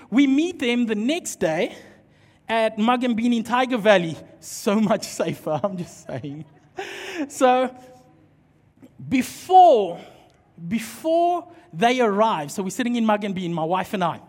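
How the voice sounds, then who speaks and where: A man preaching a sermon and telling a story, acting out dialogue in an animated way. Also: extremely high pitch, unhurried. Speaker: pastor. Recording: long hall reverb.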